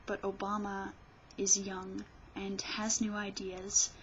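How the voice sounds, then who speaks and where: Woman vlogger ranting slow and sarcastic, muffled webcam sound w/ faint hiss. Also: medium pitch, monotone. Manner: rambling and sarcastic, many restarts. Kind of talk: casual political rant.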